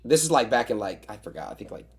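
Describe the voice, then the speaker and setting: Flustered fast-talking young man. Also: mid-range voice, very animated. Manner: flustered, stammering, defensive. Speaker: streamer host. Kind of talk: casual stream chat.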